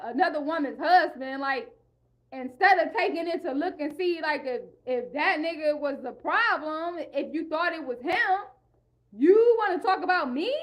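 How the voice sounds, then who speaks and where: High-voiced woman ranting with profanity. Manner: profane, heated, repetitive rant; speaks in an African American English style. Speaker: vlogger. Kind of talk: ranting monologue.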